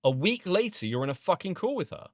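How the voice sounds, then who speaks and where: Male drama-channel streamer, heated and foul-mouthed, very animated delivery, dry and close. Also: sits high, fast talker, no echo. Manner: heated, profane ranting. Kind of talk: livestream commentary reacting to comments.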